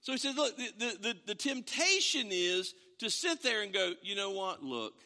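A middle-aged male pastor preaches to his congregation in a high, piercingly bright voice. He tells stories, acts out their dialogue and puts questions to the room. His words ring out with a long reverb from the church hall. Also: moderate pace. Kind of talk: sermon.

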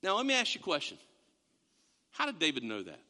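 A man's voice: a little high, wildly swooping pitch, brisk, bright, forceful tone, in a large hall. A man preaching a sermon, telling a story and stressing the quoted verses with rising emphasis.

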